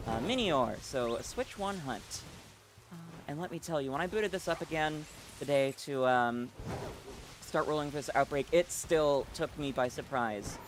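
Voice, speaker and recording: Male game streamer, casual live chat to viewers, slightly raised pitch, lots of ums and restarts. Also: moderate pace, a little hiss or hum. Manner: chatty, reads chat aloud, many fillers and restarts.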